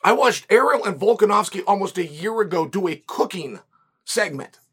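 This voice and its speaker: A man hosting a solo sports podcast while hoarse and losing his voice, talking in a chatty, emphatic, rambling way with a lozenge in his mouth. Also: high-pitched, lively intonation, moderate pace, a bit bright. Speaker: podcast host.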